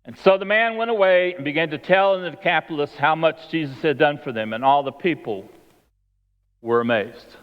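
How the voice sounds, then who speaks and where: A man's voice: fairly high pitch, moderate pace, smooth. A man preaching a sermon, retelling the story and acting out the voices of its people. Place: church sanctuary. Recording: long hall reverb, dull lo-fi sound.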